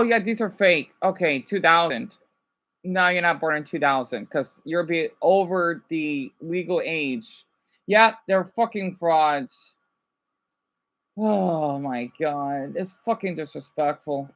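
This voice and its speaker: Over lo-fi sound, a high-pitched Arizona man fires off a profane reaction to a news clip. He swears heavily and drifts into rambling asides as he rants.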